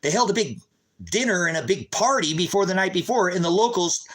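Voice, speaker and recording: A man delivering an impassioned, agitated monologue to his viewers, calling them brothers and sisters, sometimes rising to a loud, high-pitched telling. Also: animated, fairly quick, poor audio. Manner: grows loud and high when recounting the raid. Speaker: street preacher vlogger.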